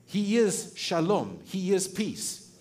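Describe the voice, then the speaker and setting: A middle-aged man preaching a sermon as pastor, animated and conversational, often restarting his sentences and laughing. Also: high-pitched, slow.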